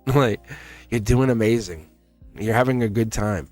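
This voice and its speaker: A man's voice: fairly low pitch, measured pace, darkish tone. Male tarot livestream host, middle-aged, loose and encouraging, faint background music. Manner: rambling, encouraging, laughs often; talks straight to chat viewers. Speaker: tarot reader streaming live. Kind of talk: casual livestream chat.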